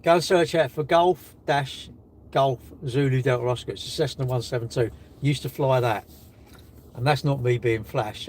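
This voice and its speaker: A man's voice: mid-range voice, vocal fry, darkish tone, breathy edge. An older man hosting a casual livestream, teasing viewers and bantering in a cocky way as he reads their chat messages. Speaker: livestream host reading chat. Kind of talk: casual live-stream chat.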